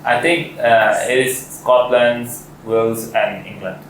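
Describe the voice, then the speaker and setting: A man's voice: medium pitch, fairly even intonation, unhurried, fairly bright tone. A man in an English speaking club, answering hesitantly and thinking aloud, often repeating words. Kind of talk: casual classroom discussion. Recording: echoey room with background noise.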